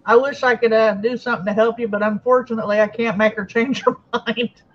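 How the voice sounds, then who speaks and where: A woman's voice: on the high side, steady tone, fast talker. A woman hosting a casual livestream, chatting and thanking viewers by name. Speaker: livestream host. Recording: lo-fi stream audio.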